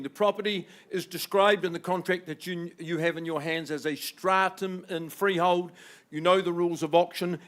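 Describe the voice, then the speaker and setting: A man opening a property auction with a theatrical, flowery sales pitch. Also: fairly bright tone. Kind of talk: auction patter. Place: auction room.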